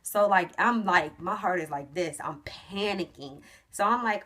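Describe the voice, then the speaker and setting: A young woman trucking vlogger tells a story to camera at a normal speed, casual and animated. She jumps into loud, high re-enactments, then drops into hushed asides.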